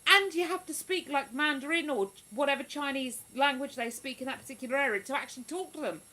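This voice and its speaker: Livestream host: woman, slightly high, chatty and exclamatory, reading viewer comments. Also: quick pace, sharp tone, low-quality recording. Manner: chatty, exclamatory, lots of "ooh".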